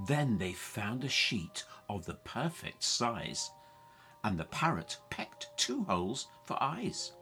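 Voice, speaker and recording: A woman reading a rhyming picture book aloud in a very low, bright voice. She takes the lines unhurriedly, letting her pitch rise and fall widely with the rhyme. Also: slow pace, faint music behind. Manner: lilting, expressive rhyme reading. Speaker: storyteller.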